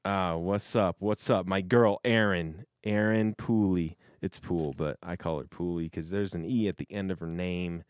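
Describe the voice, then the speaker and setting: A man's voice: deep voice, fairly even intonation, moderate pace, few pauses, smooth, no echo, clean studio sound. A man in a casual chat, reading messages aloud in a rambling, self-interrupting way and laughing often. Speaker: host reading messages from coworkers.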